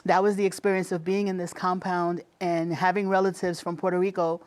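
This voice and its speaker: A middle-aged woman with a Bronx accent, telling lively stories in an interview and often laughing. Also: on the low side, brisk, smooth. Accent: Bronx New York. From the Bronx, New York. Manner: animated storyteller acting out quoted voices, laughs often. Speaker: guest, state commissioner. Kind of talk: conversational interview storytelling.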